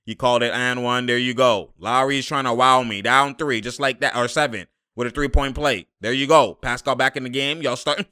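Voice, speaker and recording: A young man reacting live to a basketball game, exasperated and slangy, laughing and shouting at the plays. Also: mid-range voice, steady tone, normal speed, hardly any pauses, smooth. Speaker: sports commentator reacting to a game.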